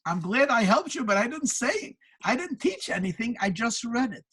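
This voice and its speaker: Woman storyteller doing a self-effacing old pious man, husky, a bit high. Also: very animated, normal speed, fairly bright tone, heavily acted. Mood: modest. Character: humble old man who only recites psalms.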